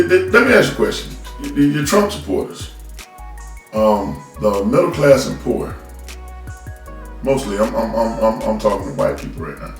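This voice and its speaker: Gravelly man ranting into a phone. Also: mid-range voice. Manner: blunt, scolding, repeats words when starting. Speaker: commentary host. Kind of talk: unscripted political rant. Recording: roomy, from a distance off the mic.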